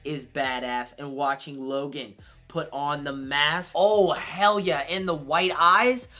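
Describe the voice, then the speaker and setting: A man giving a casual, excitable movie review, swearing freely as he reacts. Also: fairly high pitch, slow pace, soft background music.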